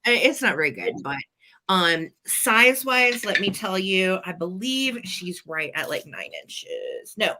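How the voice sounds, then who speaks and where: A woman's voice: medium pitch, sing-song, a little slow, bright, forceful tone. A woman co-hosting a live vintage sale, chatty and playful as she describes items in detail. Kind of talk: live-stream auction chat.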